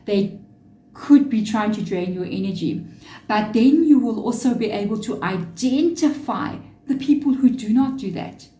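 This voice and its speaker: A woman's voice: medium pitch, measured pace, dark tone, reverberant, rough recording. A woman giving a chatty, earnest tarot reading to her viewers, with spiritual asides. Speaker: tarot reader.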